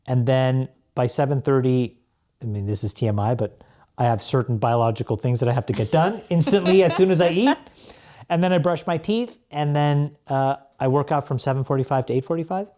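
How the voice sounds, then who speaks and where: Podcast guest, male, mid-pitched voice, relaxed anecdotal delivery. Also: fairly quick. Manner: relaxed storytelling with restarts and laughs. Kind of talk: casual interview chat.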